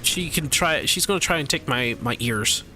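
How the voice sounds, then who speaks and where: A man's voice: on the high side, lively intonation, normal speed, pushed and bright, faint music behind. A man streaming live, chatting casually and animatedly with his viewers, laughing often and tripping over his words.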